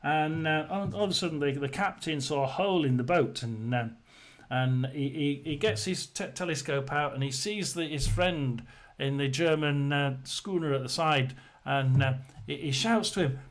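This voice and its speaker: A man hosting a casual live chat, rambling and hesitant, often clearing his throat and telling jokes to his viewers. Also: a little high, moderate pace. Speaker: host of a live tarot chat stream.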